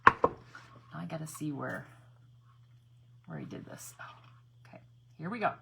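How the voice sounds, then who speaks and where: A woman's voice: low voice, animated, unhurried, gravelly, noisy background. A woman chatting casually to her viewers while doing a craft project, laughing often and muttering to herself as she works. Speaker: craft vlogger.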